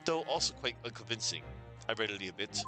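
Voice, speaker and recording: A man voicing a pompous, eccentric gentleman detective who speaks grandly, with game music behind. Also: lowish voice, expressive, quick pace, close to an everyday voice. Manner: theatrical, grandiose.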